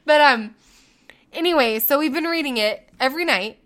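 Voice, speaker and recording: A woman in her thirties co-hosting a podcast, telling family stories in a casual, animated way, laughing and acting out quotes. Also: high voice, normal speed. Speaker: podcast co-host. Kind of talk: casual storytelling chat.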